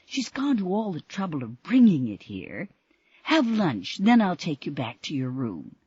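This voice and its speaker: A woman voicing a weary adult daughter who talks gently and coaxingly. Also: lowish voice, wildly swooping pitch, unhurried, husky, no room sound, dull audio, voice pushed up, exaggerated voice.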